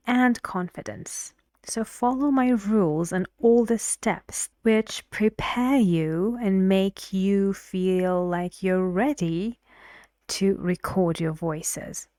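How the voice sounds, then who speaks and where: Woman teacher going super slow on pronunciation tips, dry close sound, kinda whispery at times. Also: mid-range voice, mellow, no echo. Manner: slow, encouraging explaining, often half-whispered. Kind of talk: online pronunciation lesson.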